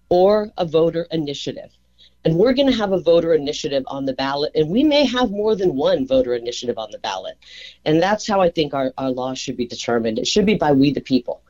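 A woman's voice: deep voice, a little mellow. Woman explaining over a dull phone line. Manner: fluent, measured explanation with restarts. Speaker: political candidate calling in as guest. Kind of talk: phone-in radio interview. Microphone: telephone.

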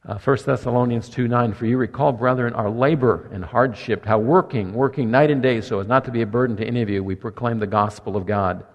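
An older man preaching a sermon as pastor, emphatic, with quiet softer asides. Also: medium pitch, brisk, hardly any pauses, muffled recording. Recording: long echo of a church hall.

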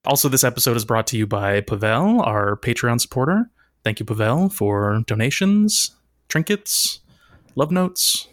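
A man's voice: mid-range voice, lively intonation, normal speed, no echo, clean studio sound. Playful male podcast host reading facts. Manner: playful, laughs often, reads facts. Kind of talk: casual comedic chat, presenting facts.

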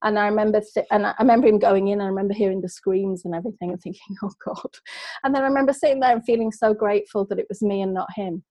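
A woman's voice: mid-range voice, steady tone, very fast, hardly any pauses, warm tone, no room sound. A middle-aged woman, a guest who tells a personal story in an earnest, heartfelt way. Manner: earnest, heartfelt, emotional retelling. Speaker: guest, business coach.

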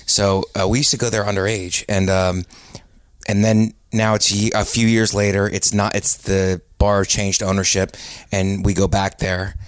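A man's voice: sits low, dry recording. A man guesting on a podcast, telling a story in a laid-back, rambling way. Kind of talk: casual storytelling chat.

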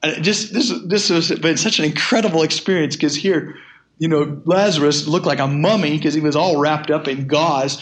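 An older man preaching a sermon, reading scripture aloud in measured tones and then retelling it casually with chuckles. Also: a little high. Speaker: pastor.

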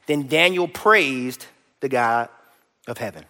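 A man preaching a lively sermon to his church, loud and energetic, repeating his points and joking with the congregation. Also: mid-range voice, takes it slowly, big-room sound. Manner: folksy and playful, cracks jokes with the congregation. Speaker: pastor.

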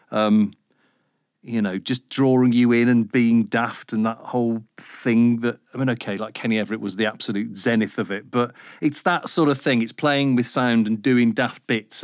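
A man's voice: mid-range voice, no echo. Chatty fifty-something man, dry close sound. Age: 50s. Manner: animated, swears, mimics voices in anecdotes. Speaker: radio presenter guest. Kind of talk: casual interview chat.

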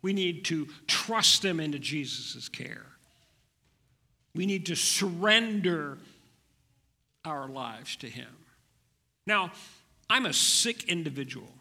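Pastor, man, preaching gently; bright tone, unhurried. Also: fairly high pitch, expressive, creaky, in a large hall. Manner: gentle, slow preaching with soft drops. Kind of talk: sermon.

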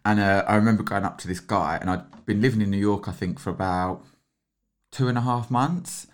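A man's voice: lowish voice, a little fast. A young man from England with a London accent, telling stories in a casual chat as a podcast co-host, laughing often and slipping into camp put-on voices. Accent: London English.

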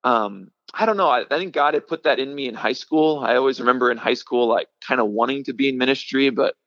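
A young man recounts his past in a casual interview. He talks haltingly, full of "um"s and restarts, and laughs now and then. The audio is dry and a little muffled. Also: mid-range voice, a bit bright, no room sound. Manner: halting, many fillers and restarts, laughs often. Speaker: middle school ministry director, guest.

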